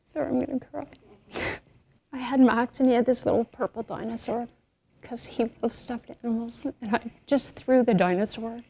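A woman's voice: fairly high pitch, fairly even intonation, moderate pace, warm tone, husky. A woman telling a heartfelt story in a documentary interview.

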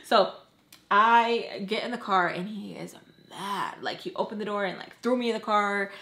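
In a casual vlog, a woman in her twenties tells the camera a personal story, chatting freely, leaning heavily on "like," and acting out what people said. Her mid-range voice sounds pushed and bright, at a normal speed.

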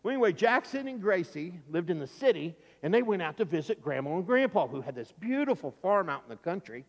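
Animated pastor telling kids a story. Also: male voice, high-pitched, brisk, gravelly. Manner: animated, playful, acts out the story's voices. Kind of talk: children's sermon storytelling. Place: church sanctuary. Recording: church hall reverb.

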